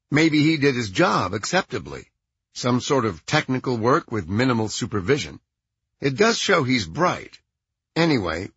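A man narrating a crime story in a scripted, expressive read. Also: mid-range voice, breathy edge, dry recording, highs cut off. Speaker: audiobook narrator.

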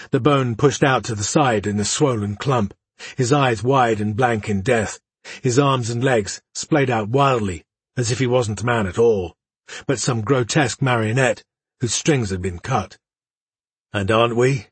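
A man reads a fantasy novel aloud in measured, even narration. His voice is husky and breathy, and the recording is very dry and close to the mic, with no room sound. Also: medium pitch, no echo. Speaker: audiobook narrator. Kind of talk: scripted narration.

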